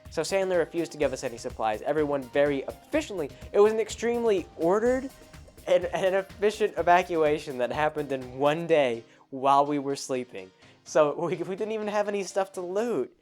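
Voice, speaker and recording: Man, podcast host, casual storytelling, chatty, rambling, slightly high voice, faint music. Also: fairly quick, darkish tone. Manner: chatty, rambling, full of asides.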